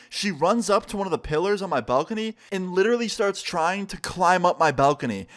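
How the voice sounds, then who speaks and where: A young man vlogging a storytime in casual slang, acting out the dialogue. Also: fairly high pitch. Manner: animated, slangy, acts out dialogue.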